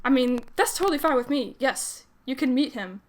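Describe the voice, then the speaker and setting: A woman's voice: high-pitched, expressive, normal speed. A woman voicing an awkward, flustered young man who stammers, while reading fanfiction aloud on a livestream. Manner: stammering, hesitant.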